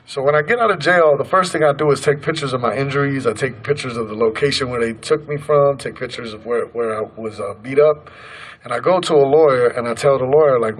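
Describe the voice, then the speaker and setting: A man in his thirties speaks to a crowd, telling his own story. His voice sits in a middle pitch, and his manner is earnest and conversational. He slips into the voices of the people in his story as he goes. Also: brisk, low-quality recording. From Colorado, USA. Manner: earnest, conversational, acts out quoted dialogue. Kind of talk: personal storytelling speech. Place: protest gathering outdoors.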